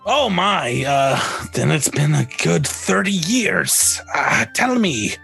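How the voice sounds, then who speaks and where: A man voicing a weathered woman soldier captain who speaks through a mask, in a raspy, slightly muffled voice. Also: fairly high pitch, very animated, slow pace, pushed and bright, faint music behind, voice pushed up, full character voice. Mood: gruff, curious.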